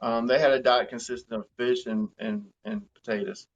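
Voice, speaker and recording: A man coaching on health in a live question-and-answer chat, talking in a halting way with many fillers and restarts. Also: medium pitch, sing-song, low-quality recording.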